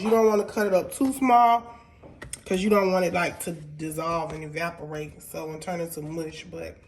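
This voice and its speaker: A woman walks through a recipe in her home kitchen, her voice stuffy and congested from a lingering cold. She talks in a chatty, down-home way at a middle pitch. A faint background hiss sits under the recording. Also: a little mellow. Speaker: cooking show host. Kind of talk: casual cooking tutorial.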